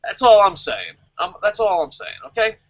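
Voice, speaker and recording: A man's voice: sits high, sing-song, normal speed, dull audio. A man giving a casual, profane, joking rant as a show reviewer and reading viewer comments aloud. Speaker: wrestling review vlogger.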